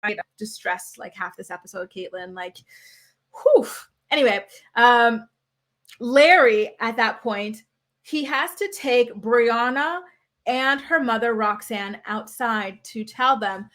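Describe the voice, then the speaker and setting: Young woman, casual recap vlogger, gossipy chatter, fairly high voice. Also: takes it slowly, a bit bright. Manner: chatty, gossipy, with frequent "like" and asides.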